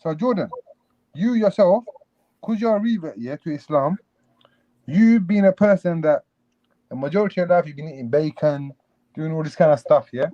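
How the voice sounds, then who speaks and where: A man on a call argues hard, full of slang. His voice sits on the high side and comes through muffled. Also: moderate pace, pauses often. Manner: combative, street slang. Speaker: caller. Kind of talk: heated online argument.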